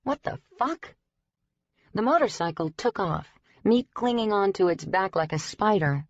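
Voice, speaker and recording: A woman reading a first-person audiobook in a steady, even storytelling delivery. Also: mid-range voice, moderate pace, dry recording. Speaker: audiobook narrator. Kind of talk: scripted first-person narration. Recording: dry, slightly dull recording.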